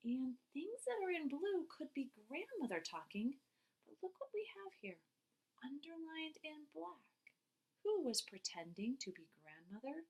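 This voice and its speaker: A woman's voice: high-pitched, very animated, normal speed. A woman teaching a classroom reading lesson, encouraging the children and praising them often.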